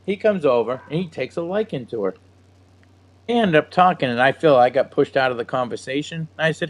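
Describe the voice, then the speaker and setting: Guest, male, slightly raised pitch, relaxed anecdotal delivery. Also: fairly quick. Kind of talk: casual chat, anecdote.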